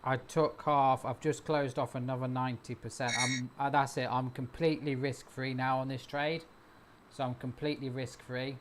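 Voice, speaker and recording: A man hosting a live stream, chatting casually and cheering on his trades out loud. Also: medium pitch, little pitch movement, normal speed, slight background noise. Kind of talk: casual chat.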